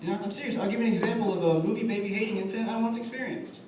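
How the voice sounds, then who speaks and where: A young comedian talks rapid-fire in a high-pitched voice during a stand-up set at a bar music venue, with crowd noise around him. He tells loose, conversational stories and acts out his friends' lines; the audio, from a distant, echoey room mic, carries the audience's laughter.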